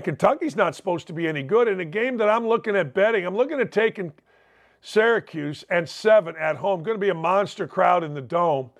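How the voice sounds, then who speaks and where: A man's voice: sits high, vocal fry. A man hosting a sports talk show, delivering a brash, rambling opinion monologue with punchy asides.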